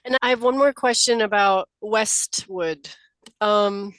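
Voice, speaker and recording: A woman's voice: mid-range voice, slow pace, fairly bright tone, no room sound, rough recording. A woman hosting a casual interview podcast, asking questions and laughing along with her guest. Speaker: podcast host.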